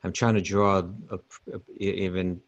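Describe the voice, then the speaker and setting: A low-voiced man co-hosting a casual chat, speaking slowly and thoughtfully as he searches for words. His pitch moves a lot, and the recording sounds dull and lo-fi. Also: little pitch movement. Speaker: co-host.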